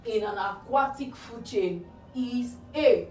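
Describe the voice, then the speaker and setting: A woman's voice: fairly high pitch, unhurried, a little mellow, soft background music. A woman teaching an exam-prep biology lesson. She keeps asking "what?" and answering herself, and she checks in with "okay?" after most points. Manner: asks rhetorical "what?" questions and answers them; checks understanding with frequent "okay?". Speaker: biology tutor. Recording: roomy, distant mic, faint ambience.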